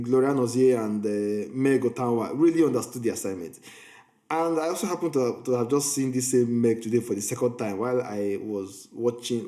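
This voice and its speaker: Guy doing a chatty film festival recap, warm mellow voice, echoey room. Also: medium pitch. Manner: chatty storytelling with frequent restarts. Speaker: film reviewer. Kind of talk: casual vlog recap.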